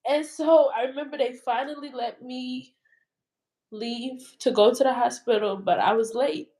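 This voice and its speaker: Candid, slightly high-voiced woman. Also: steady tone, a little slow, dark tone. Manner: candid, rambling, swears freely. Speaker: guest. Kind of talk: casual storytelling interview.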